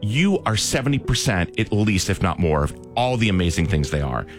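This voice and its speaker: A man's voice: fairly low pitch, very animated, a little fast, music in the background. A man in his thirties hosting a radio chat show, telling a heartfelt family story with self-mocking jokes.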